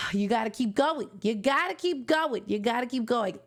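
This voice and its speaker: A young Canadian woman streamer reacts to an album with emotional, casual commentary, gushing heartfelt praise that turns tearful at times. Her slightly high voice is expressive and moves at a moderate pace.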